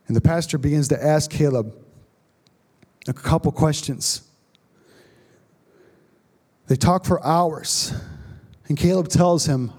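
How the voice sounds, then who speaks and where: A man preaching a sermon, telling a story dramatically and dropping to a hush at the tense moments. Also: fairly high pitch. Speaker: pastor.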